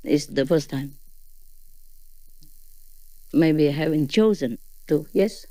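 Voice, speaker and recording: Low-voiced woman giving a chatty spiritual talk. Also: slow, dark tone, no room sound, soft background music. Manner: chatty, laughs often, ends sentences with tag questions. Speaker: spiritual teacher. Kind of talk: informal spiritual talk to a gathering.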